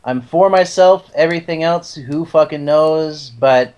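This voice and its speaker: A man's voice: on the high side, measured pace, darkish tone, smooth, lo-fi sound. A man speaking as a player in a tabletop game, hesitant, with many fillers and restarts. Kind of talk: casual chat in a tabletop game.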